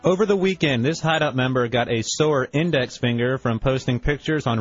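A male co-host reading quiz clues in a stiff, robotic way, his mid-pitched voice held flat. The broadcast sounds a little muffled, with faint music underneath. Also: moderate pace. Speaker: radio co-host.

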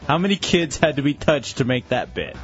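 A man's voice: mid-range voice, sing-song, a little fast. Sarcastic man ribbing on radio. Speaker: radio co-host. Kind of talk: casual radio banter. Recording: muffled radio broadcast with faint music.

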